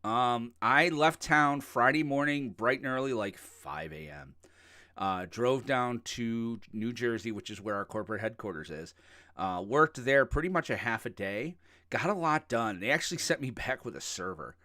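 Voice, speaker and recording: A man's voice: medium pitch, animated, normal speed, sharp tone, no room sound, studio quality. A man co-hosting a podcast in a casual, jokey, rambling way, laughing often. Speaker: podcast co-host. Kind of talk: casual chat.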